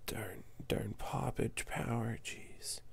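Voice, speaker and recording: A man giving casual commentary on his own strategy match, muttering to himself and jumping to high, exasperated yelps when things go wrong. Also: steady tone, takes it slowly, creaky, breathy edge, in a whisper.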